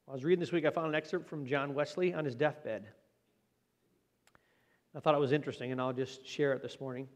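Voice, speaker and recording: A man preaching a Sunday sermon in an earnest, plain-spoken way, slowing down for emphasis. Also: medium pitch, steady tone. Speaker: pastor. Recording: long hall reverb.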